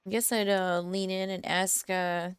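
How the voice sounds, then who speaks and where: A woman's voice: mid-range voice, level tone, a little slow, clean tone, dry recording, studio quality. A woman playing her character in a tabletop role-playing game, easygoing and with hesitant fillers. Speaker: player.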